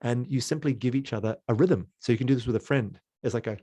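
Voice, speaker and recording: A man leading an online creativity workshop, playful and exploratory, who slips into sounds and made-up voices. His voice is mellow and darkish, at an ordinary pitch for a man, and he is recorded close up in a dry space. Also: quick pace, hardly any pauses, breathy edge, no echo, lo-fi sound.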